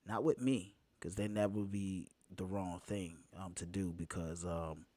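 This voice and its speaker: A man hosting a live talk show, speaking casually, often laughing and repeating phrases for emphasis, slowing down to stress points. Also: low voice, fairly even intonation, dark tone, no echo. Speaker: show host.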